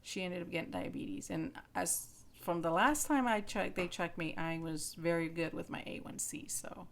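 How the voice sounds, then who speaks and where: A woman's voice: lowish voice, normal speed, gravelly, fairly bright tone. Chatty woman in her fifties. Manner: chatty, repeats words, retells dialogue. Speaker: vlogger. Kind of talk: casual chat to camera.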